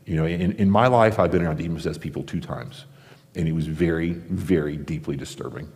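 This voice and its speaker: A pastor delivering a sermon in a conversational way, acting out the crowd's reactions, from the United States. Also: male voice, very deep voice, a little fast, a little mellow. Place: large theater-style church auditorium. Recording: long hall reverb.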